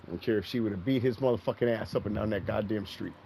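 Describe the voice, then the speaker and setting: A man's voice: lowish voice, fast, gravelly, warm tone, a little hiss or hum, rough recording. A middle-aged man streaming a game, telling a long profane story in a rambling way and repeating himself. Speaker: gaming streamer. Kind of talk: casual storytelling while gaming.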